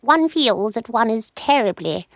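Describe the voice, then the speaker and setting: A woman's voice: fairly high pitch, lively intonation, measured pace, dry recording, studio quality, pitched above the performer's own voice. Haughty English royal, voiced by a woman, plummy posh accent, stately and grand. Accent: posh upper-class English. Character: haughty aristocratic royal lady, middle-aged.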